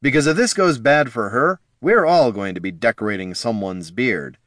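A man's voice: mid-range voice, lively intonation, normal speed, a bit bright, no echo, clean studio sound, lightly acted. A man voicing a fretful, wry adventurer. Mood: worried.

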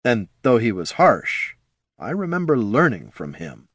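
A man voicing a brooding, guarded young male wizard who speaks slowly and quietly. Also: medium pitch, huge pitch swings, slightly rough, no echo, clean studio sound, full character voice. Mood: wistful.

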